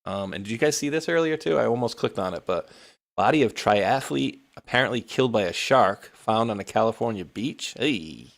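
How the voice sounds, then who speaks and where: New England male podcast host, low gravelly voice, casual chatty read. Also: lively intonation, moderate pace. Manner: laid-back, chatty, laughs often, reads news aloud. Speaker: show host.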